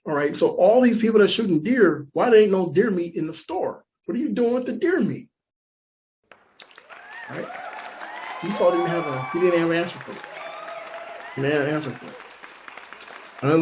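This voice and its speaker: Man, American accent, stand-up storyteller, animated, repeats for emphasis, somewhat high-pitched. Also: moderate pace, pauses often, some chatter behind, a little hiss or hum. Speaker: stand-up comedian.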